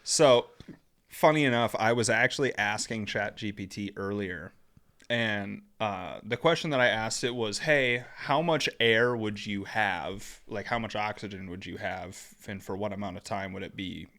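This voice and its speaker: A young man co-hosting a podcast in casual chat, talking haltingly with many restarts and laughs. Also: lowish voice, a bit bright. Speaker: podcast co-host.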